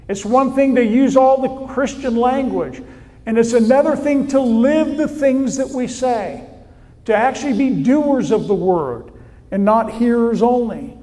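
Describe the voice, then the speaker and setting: A man preaching a sermon to a congregation, reading scripture in a slow, deliberate way with emphatic pauses. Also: very high-pitched, expressive, mellow, long reverb tail. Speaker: pastor.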